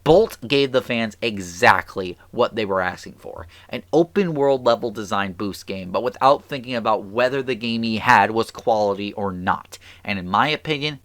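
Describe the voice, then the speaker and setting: A man's voice: medium pitch, moderate pace, few pauses, fairly bright tone, dry recording. Man, game reviewer, improvised rambling commentary, mid-range voice, dry close mic. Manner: rambling, stuttering and restarting; exasperated, rhetorical questions.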